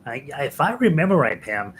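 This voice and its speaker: A man's voice: fairly high pitch, very animated, a little fast, slight background noise, poor audio. An American man hosting a live ukulele lesson stream, chatting casually with viewers, chuckling often and rambling with fillers and restarts. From United States.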